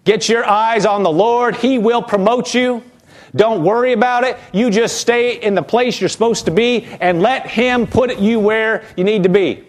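A pastor delivers a sermon in a high voice at normal speed. He is lively and animated, acting out quotes from the people he describes.

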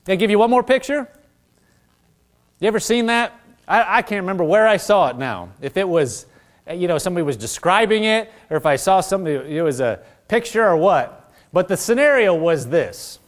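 A pastor with a brisk delivery and a voice that sits high leads his congregation in lively call-and-response. He keeps things conversational, dropping in many asides.

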